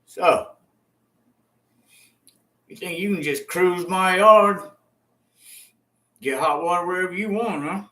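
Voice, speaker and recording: A man quoting a big, menacing male prison colonel who barks curt commands, in his own bright voice. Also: high-pitched, takes it slowly, pauses often, echoey room, recorded from a distance, exaggerated voice.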